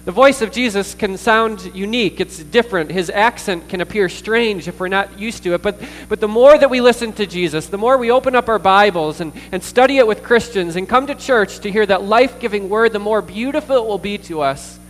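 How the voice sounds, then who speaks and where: Earnest pastor preaching in a reverberant hall. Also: male voice, high voice. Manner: earnest, pausing with fillers and repeated words. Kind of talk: sermon. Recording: distant reverberant hall with mains hum.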